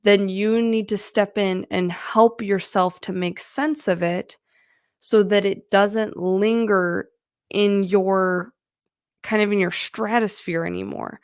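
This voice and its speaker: A woman's voice: mid-range voice, steady tone, slow pace, clear, resonant tone, no echo, clean studio sound. A woman giving casual, earnest advice on feelings to her viewers, chatty and full of fillers. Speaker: mental health vlogger. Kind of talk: casual talking-to-camera advice.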